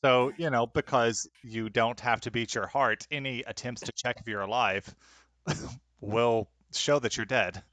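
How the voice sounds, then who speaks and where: A man runs a tabletop role-playing game as game master, calmly explaining the rules and outcomes. His voice sits in an ordinary middle range. The sound is close and dry. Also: medium pitch, unhurried, no room sound. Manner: explanatory, calm rulings.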